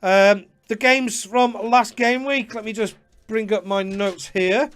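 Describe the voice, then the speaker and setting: A man hosting a live fantasy football stream, chatting to viewers by name with quick apologetic asides. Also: high voice, fairly bright tone. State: slightly out of breath. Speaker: host.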